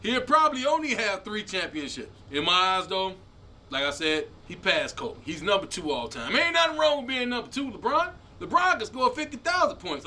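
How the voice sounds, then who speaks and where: A comedian hosts his own show and rants with a lot of laughter, shouting one moment and muttering the next. His voice sits high for a man and swoops all over. The tone is sharp and very bright. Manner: animated, laughing, swings from loud outbursts to low mutters. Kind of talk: stand-up style commentary rant.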